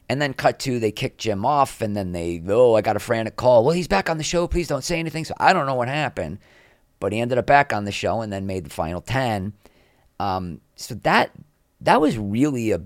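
A middle-aged man telling anecdotes in a casual interview as a podcast guest, lively, with quick asides. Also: fairly low pitch, dry recording, clean studio sound. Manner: animated anecdotes, quick asides, acts out quoted people.

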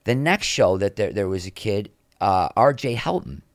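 A middle-aged man spins animated stories as a podcast guest, tossing in quick asides. His voice sits low, and the recording is dry and close, with no room sound. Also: no room sound. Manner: animated anecdotes, quick asides, acts out quoted people. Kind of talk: casual interview storytelling.

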